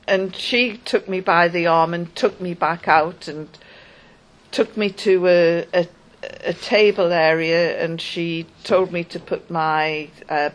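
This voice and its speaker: A woman recounting a personal experience in a halting, wry first-person account, pausing often as she goes. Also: on the low side, a bit bright, poor audio. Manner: halting, wry storytelling with pauses.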